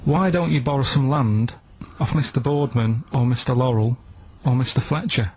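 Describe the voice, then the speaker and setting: A man's voice: mid-range voice, moderate pace, darkish tone, a little hiss or hum. Hesitant, plodding man on radio. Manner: plodding, hesitant, repeats himself. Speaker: radio show regular. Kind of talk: casual radio banter. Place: radio studio.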